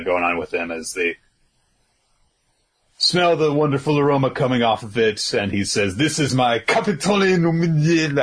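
A podcast co-host with a low, fairly bright, slightly rough voice recaps things in a casual chat. He rambles in a laid-back way, full of fillers and chuckles.

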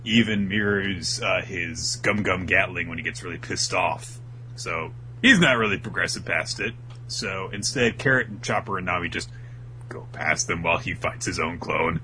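A man's voice: deep voice, normal speed, bright, forceful tone, slight background noise, low-quality recording. A man co-hosting a podcast, casually retelling an episode with a laid-back, filler-heavy manner. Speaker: podcast co-host recapping anime. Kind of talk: casual chat.

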